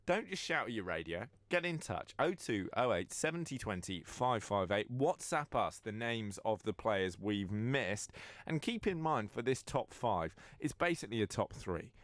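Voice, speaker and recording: A man's voice: fairly low pitch, expressive, moderate pace, a bit bright, no echo. A man hosting a sports radio show in casual chat, steering the debate with mock-serious authority into a studio microphone.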